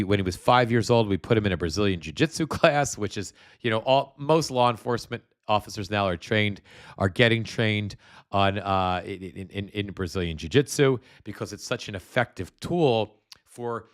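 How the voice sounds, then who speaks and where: Rambling low-voiced male show host. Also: normal speed. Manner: rambling, many restarts, blunt and scornful. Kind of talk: live-stream commentary.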